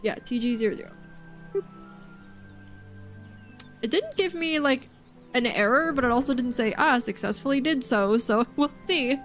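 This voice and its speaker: High-voiced giggly woman streamer. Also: animated, moderate pace, pauses often, a bit bright, soft background music. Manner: giggly, rambling, talks to chat. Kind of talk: live gameplay stream chat.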